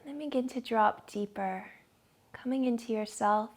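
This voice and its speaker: A woman yoga instructor leading a gentle class from her living room in a slow, soothing guiding voice. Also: fairly high pitch.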